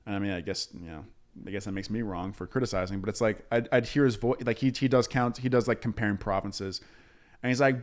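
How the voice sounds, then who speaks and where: A man's voice: medium pitch, a little fast. A man co-hosting a casual podcast, swearing a lot and joking loosely, sometimes slipping into mocking voices. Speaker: podcast co-host. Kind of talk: casual crude podcast banter.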